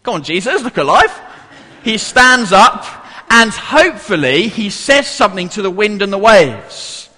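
A man's voice: high-pitched, sing-song, a little slow, bright, forceful tone, big-room sound. A man giving an interactive children's Bible talk to a congregation in church, playful and coaxing everyone to join in.

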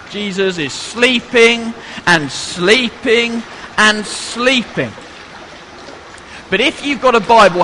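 Man, children's church talk, high voice, unhurried, playful and coaxing, long hall reverb. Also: bright, forceful tone, a little hiss or hum. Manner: playful, coaxing the audience to join in. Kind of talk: interactive children's Bible talk.

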